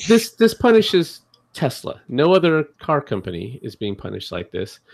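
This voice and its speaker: Man arguing his point with a lively voice. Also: medium pitch, normal speed, gravelly, slight background noise. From Oregon. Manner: argumentative, explaining points at length. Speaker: podcast co-host. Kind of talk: casual podcast chat.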